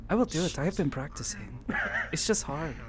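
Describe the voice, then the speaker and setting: A woman playing a halting, earnest girl. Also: deep voice, lively intonation, background noise. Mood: puzzled. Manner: halting, careful, broken phrasing. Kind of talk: game role-play. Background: background music.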